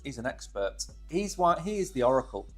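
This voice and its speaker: A man's voice: mid-range voice, very animated, brisk, a bit bright, husky. Guy chatting on a stream, bouncy voice, joking around, faint music. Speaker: co-host of a crypto stream. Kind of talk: casual chat.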